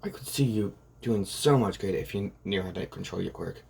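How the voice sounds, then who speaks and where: A man's voice: sits low, moderate pace, gravelly, darkish tone, slightly rough. A man casually retelling a fan-made story in a rambling way, full of fillers. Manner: rambling, full of "like" and "pretty much".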